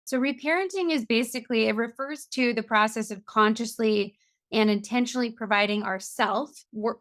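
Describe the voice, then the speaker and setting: A woman's voice: fairly high pitch, moderate pace, fairly bright tone, no room sound. A middle-aged woman, a compassion coach, explaining earnestly in a podcast interview. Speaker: guest, compassion coach and author.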